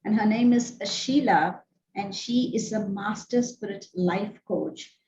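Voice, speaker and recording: A woman's voice: medium pitch, slow, a little mellow. A woman hosting an interview show, talking earnestly with many fillers and repeated words. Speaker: host. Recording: roomy echo, dull lo-fi sound with faint noise.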